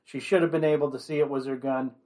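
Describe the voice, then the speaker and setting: A man's voice: medium pitch, steady tone, quick pace, a little mellow. A man giving an opinionated commentary monologue, blunt and rambling, leaning on constant "you know" fillers.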